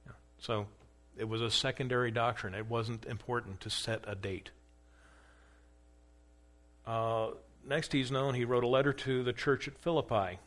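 A man teaching a class on church history in an easy conversational way. His pitch sits in the middle of the usual range. He stops to quiz the room and acts out the quotes he reads. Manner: conversational, acts out quoted dialogue with rising emphasis; asks questions of a class.

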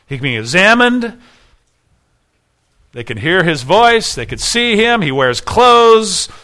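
Um homem pregando um sermão com fervor, fazendo perguntas retóricas à congregação. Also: male voice, high voice, big pitch swings, slow pace, sharp tone. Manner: earnest preaching with rhetorical questions. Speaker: pastor. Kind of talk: sermon.

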